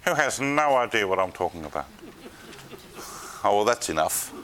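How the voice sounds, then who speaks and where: A man teaching a Bible class to a live audience, telling the story in an animated, chatty way with asides. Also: on the low side, moderate pace, background noise. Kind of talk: lively lecture to a live class.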